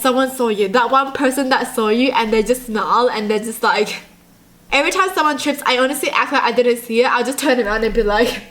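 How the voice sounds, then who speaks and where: A woman hosting a casual reaction vlog, chatty and self-mocking, with quick asides to her viewers. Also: high voice, a bit bright. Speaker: YouTube host.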